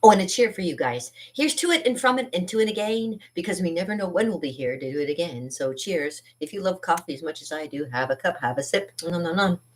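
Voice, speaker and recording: A middle-aged woman with a lowish voice talks quickly and animatedly, with few pauses, during a live art stream from her home studio. Her casual chat is playful and rambling, punctuated by frequent laughs.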